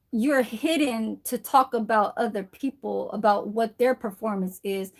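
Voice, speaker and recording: Chatty woman, rambling and swearing. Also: fairly high pitch. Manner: chatty, rambling, swears freely, keeps adding "okay?". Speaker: vlogger. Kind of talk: casual vlog chat. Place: at home, indoors. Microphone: phone camera.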